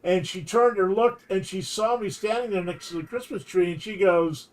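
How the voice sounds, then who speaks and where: A man's voice: high voice, moderate pace, few pauses. A man streaming while telling a long anecdote in a casual, rambling way, often restarting his sentences. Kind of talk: casual storytelling chat.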